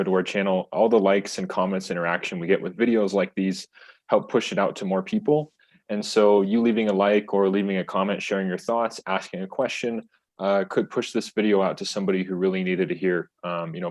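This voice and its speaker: A man hosting an online show over a video call, introducing a guest in a relaxed, filler-heavy way. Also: sits low. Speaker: host.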